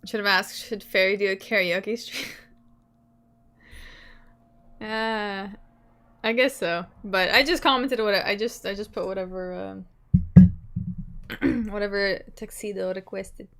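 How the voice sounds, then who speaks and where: A young woman in casual livestream chat, answering her viewers' comments in a loose, chatty way. She laughs often and lets her sentences trail off softly. Her voice sits in an ordinary middle pitch for a woman. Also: a little slow, pauses often, faint music behind.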